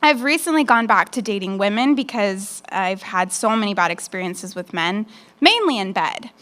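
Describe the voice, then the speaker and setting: A woman's voice: medium pitch, animated, moderate pace, a bit bright. A woman performing a stand-up comedy set on a nightclub stage into a handheld mic, with a brash, frank, conversational delivery.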